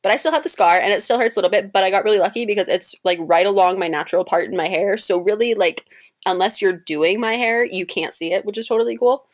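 A young woman in her twenties, an interview guest and cosplayer, telling stories in a casual, animated way with laughter and quick jumps in pitch for quoted voices.

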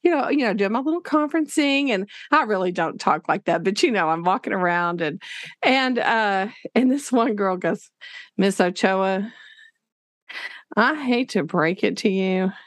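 A woman teacher, telling classroom stories in a casual, animated way and acting out what people said. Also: mid-range voice, a little slow, no echo. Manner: animated, laughing, acts out quotes. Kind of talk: casual storytelling interview.

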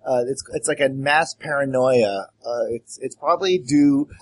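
A man's voice: mid-range voice, normal speed, a little hiss or hum. A man in a tabletop role-play, rambling playfully and switching between narration and his character. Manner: rambling, playful, frequent restarts. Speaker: player.

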